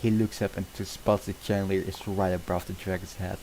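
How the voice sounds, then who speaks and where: A man's voice: deep voice, little pitch movement, fairly quick, dark tone, a little hiss or hum, rough recording. A man streaming as he reads a film script aloud, often stumbling and restarting mid-sentence, with casual asides.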